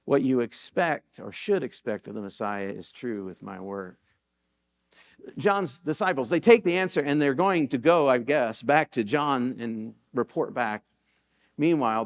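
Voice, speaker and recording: A male pastor with a medium-pitched voice preaches in a church sanctuary. He tells stories conversationally, then rises into sudden, emphatic peaks.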